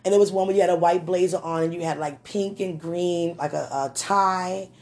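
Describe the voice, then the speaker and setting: A woman rambling through a personal message to a man, gushing and giggling often, with a slight lingering throat-clearing. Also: on the low side, fairly even intonation, normal speed, a little mellow. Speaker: admirer speaking to a man on video.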